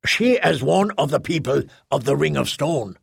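A man voicing an anxious, defensive man who speaks quickly and protests. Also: fairly high pitch, animated, gravelly, husky, no echo, studio quality, heavily acted. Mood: protesting.

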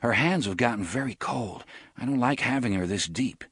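A man's voice: mid-range voice, expressive, moderate pace, fairly bright tone, husky, no room sound, clean studio sound, pitched above the performer's own voice. A man voicing an anxious, protective young man speaking earnestly in a storybook reading. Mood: concerned.

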